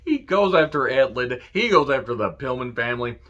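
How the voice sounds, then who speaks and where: A man giving a casual solo review of a wrestling show, cursing freely, laughing and quoting promo lines with excitement. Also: medium pitch, normal speed, highs cut off. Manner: profane, enthusiastic, laughs and quotes lines.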